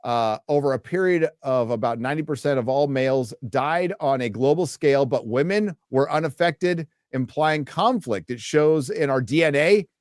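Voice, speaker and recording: A man's voice: mid-range voice, moderate pace, hardly any pauses, dry recording. Brief: male stream host, casual and profane, reads donation messages aloud, dry close sound. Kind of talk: casual live stream chat.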